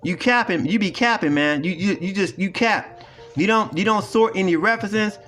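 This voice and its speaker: A man's voice: high voice, moderate pace, fairly bright tone, faint music behind. A man ranting in a video commentary, profane and repetitive as he lectures emphatically. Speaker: online commentator.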